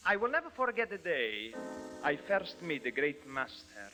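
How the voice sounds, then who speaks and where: A man's voice: a little high, sing-song, moderate pace, poor audio. A man hosting a 1940s radio comedy, playing a pompous actor with a mock Russian accent in a theatrical manner. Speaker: comedian host. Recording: old radio recording with music.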